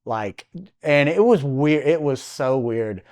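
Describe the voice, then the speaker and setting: A man, a podcast guest, telling a personal testimony in an animated, halting way, full of "like" fillers. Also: medium pitch.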